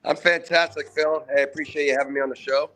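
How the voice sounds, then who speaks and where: A man in his thirties from near Boston with a mixed Boston accent, a rugby coach talking casually in an interview, humble and halting with many fillers. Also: on the high side, level tone, sharp tone. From Massachusetts, south of Boston. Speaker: assistant rugby coach, guest.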